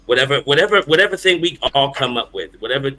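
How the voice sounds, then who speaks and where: Male panelist, earnest and repetitive, bright lively mid-pitched voice. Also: fast talker. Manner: earnest, repeats himself, stumbling starts. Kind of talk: casual livestream chat.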